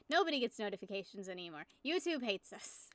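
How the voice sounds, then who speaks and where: A woman's voice: medium pitch, big pitch swings, normal speed, a bit bright, no room sound. A young woman in her twenties streaming, chatting casually with viewers in a rambling, giggly way and swearing freely. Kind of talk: casual live-stream chat.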